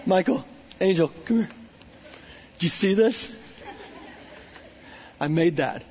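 A man's voice: sits high, animated, slow, darkish tone, a faint crowd, slight background noise, voice pushed down, heavily acted. A man voicing God as an amused deity, chuckling and boasting to his angels about something he made. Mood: amused delight. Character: amused, delighted male God showing off to angels. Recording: long hall reverb.

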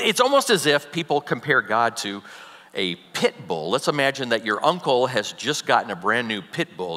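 A man preaching a sermon as a pastor, animated, swinging from loud emphasis to soft, near-whispered passages. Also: mid-range voice, long reverb tail.

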